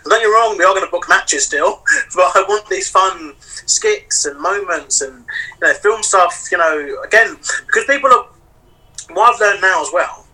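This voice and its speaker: Bright, husky man on a call. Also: sits high, lively intonation, normal speed, distant mic, poor audio. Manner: rambling, heavy on fillers like "you know". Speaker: wrestling promoter and wrestler. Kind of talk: casual podcast chat.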